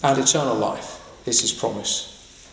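A man's voice: mid-range voice, a little slow, gravelly, a little hiss or hum. A man preaching a sermon, earnest and full of questions put to his listeners. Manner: questioning, earnest, emphatic rises. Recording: echoey hall with long reverb.

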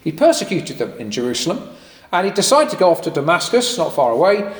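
Animated preacher in an echoey hall. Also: male voice, a little high, fast. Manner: animated, conversational, with fillers and asides. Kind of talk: sermon. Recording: echoey hall with long reverb.

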